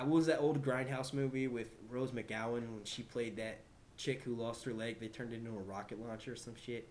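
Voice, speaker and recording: A man's voice: mid-range voice, fairly bright tone. A man answering viewer questions on a live stream in a casual, rambling and profane way.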